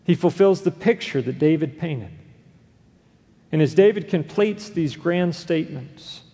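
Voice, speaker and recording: A man's voice: a little high, expressive, measured pace, warm tone. A man preaching a sermon as a pastor, reading scripture aloud and explaining it to his listeners. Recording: long hall reverb.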